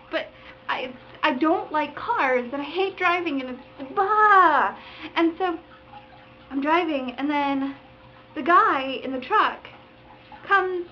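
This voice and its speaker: A young woman vlogger telling a driving story in a casual rant, acting out other drivers with sound effects and curses. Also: high voice. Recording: dull lo-fi webcam audio with faint noise.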